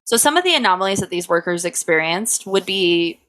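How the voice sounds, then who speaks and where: A woman's voice: on the low side, animated, a little fast, a bit bright. A young woman co-hosting a casual podcast, reading out notes and teasing her co-host, laughing often.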